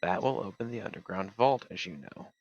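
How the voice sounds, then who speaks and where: A man's voice: sits low, a little fast, darkish tone, dull audio, slight background noise. A man reading aloud and voicing a frail, guilt-ridden old former dragoon who talks in a wavering, mournful way. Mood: dazed.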